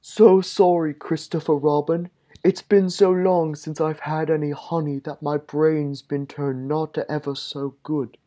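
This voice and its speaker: Pooh, as a man puts him on, high and flat. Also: measured pace, close to an everyday voice. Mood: apologetic. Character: dim, sweet honey-starved male cartoon bear.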